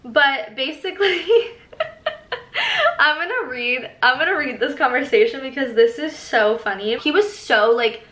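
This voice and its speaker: A young woman vlogger chats through a casual storytime, bright and a little high, laughing as she reads old messages aloud. The room around her is echoey. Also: moderate pace, hardly any pauses. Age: young adult. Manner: chatty, reads texts aloud with laughing asides.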